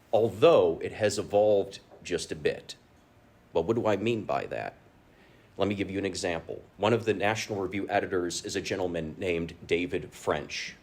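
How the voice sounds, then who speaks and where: A man giving a formal lecture as guest speaker, measured and wry, with dry humor. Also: low-pitched.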